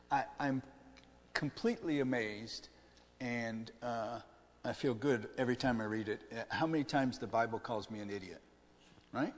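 A man's voice: mid-range voice, normal speed. A man preaching a conversational sermon, asking his listeners questions as he goes. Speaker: pastor. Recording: long hall reverb.

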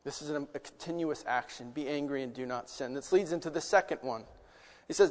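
A man delivers a sermon in a slightly high voice, earnest and conversational. He asks rhetorical questions and swings between loud emphasis and hushed asides. His voice carries a long echo, as in a large church hall. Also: fairly quick. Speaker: preacher.

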